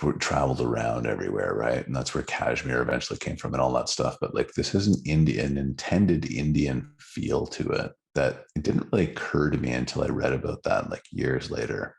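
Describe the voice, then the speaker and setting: A middle-aged man co-hosting a podcast about records, telling stories and trivia about a band in casual, animated chat. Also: rumbling low, fairly quick, creaky, hardly any pauses. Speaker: podcast co-host.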